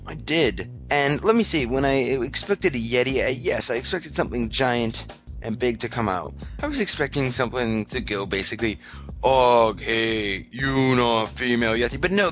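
Man, podcast host, lively swinging pitch, comic storytelling, faint music behind. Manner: animated, self-mocking storyteller acting out characters. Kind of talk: comedic gaming storytelling.

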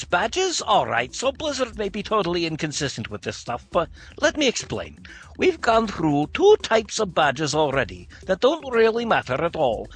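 A man with a husky, fairly high voice co-hosts a casual gaming podcast. He reads listener mail with playful asides, and his pitch bounces a lot. Faint music sits under the talk. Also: fairly bright tone. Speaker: podcast co-host.

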